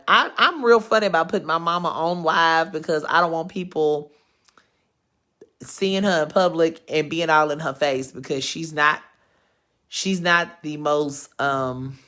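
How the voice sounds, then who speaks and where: A woman in her thirties hosting her own live vlog, telling personal stories to viewers in a frank, profane, rambling way. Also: low voice. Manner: frank and profane, rambling with lively swings in emphasis. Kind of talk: casual storytelling to viewers.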